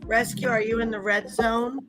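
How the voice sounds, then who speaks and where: Bright-voiced chatty woman. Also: fairly high pitch, little pitch movement, moderate pace, faint music behind, low-quality recording. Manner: chatty, laughs often while telling stories. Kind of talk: casual chat.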